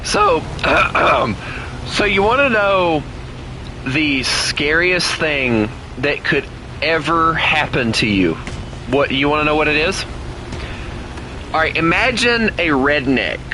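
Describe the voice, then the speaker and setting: A man with a drawl chats and jokes through a gaming session. He talks slowly, and his bright, fairly high voice bounces a lot in pitch as he teases a friend. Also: a little hiss or hum, rough recording. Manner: joking, animated banter with a friend. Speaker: gaming streamer. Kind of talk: casual gameplay commentary.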